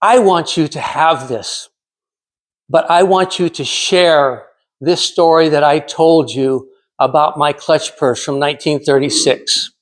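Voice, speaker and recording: A man voicing his elderly mother, who speaks with a thick Czech accent in a tender, slow, earnest way. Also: a little high, lightly acted.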